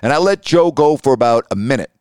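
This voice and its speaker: A middle-aged man hosting a podcast, telling stories in an emphatic, animated way. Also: mid-range voice, fast, clear, resonant tone, no echo, clean studio sound. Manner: emphatic, animated, acts out quoted voices. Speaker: podcast host and sports broadcaster. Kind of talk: storytelling monologue.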